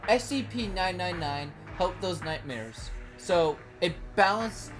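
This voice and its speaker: A woman's voice: on the low side, lively intonation, slow. A woman talking in a casual commentary vlog, blunt and joking, swearing casually and rambling with lots of likes. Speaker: video creator. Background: background music.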